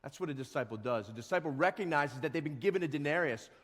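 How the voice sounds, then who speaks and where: A man preaching a sermon as pastor, animated, acting out short voices and quotes. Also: fairly high pitch, fast talker, big-room sound. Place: church sanctuary.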